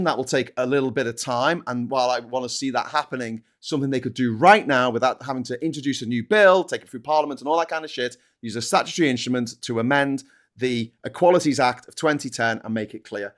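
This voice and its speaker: A man co-hosting a live political podcast, ranting passionately and swearing freely. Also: mid-range voice. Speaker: co-host.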